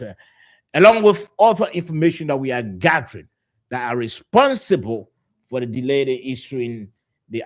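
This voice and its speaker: A man with a Liberian accent hosts a live radio talk show, trailing through his opening with many uhs, you-knows and repeated words. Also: mid-range voice. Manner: loose, filler-heavy delivery with many uhs and repeated words. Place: radio studio.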